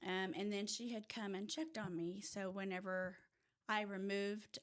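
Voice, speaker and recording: A woman from rural Oklahoma with an Oklahoma accent, a podcast guest telling her personal story in casual chat, lively and sometimes dropping to a near-whisper. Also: medium pitch, unhurried. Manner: animated storyteller who drops to a hush at tense moments. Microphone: audio-only podcast mic.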